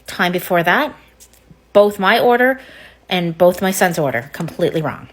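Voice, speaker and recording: A woman recording a casual complaint video as a longtime customer, frustrated and halting, with frequent fillers. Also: on the low side, lively intonation.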